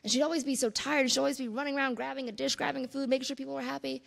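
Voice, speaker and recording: A woman gives a conference keynote in an earnest, conversational style, tossing casual asides to the audience. Her high-pitched voice has a steady tone and vocal fry, and she speaks at a racing pace.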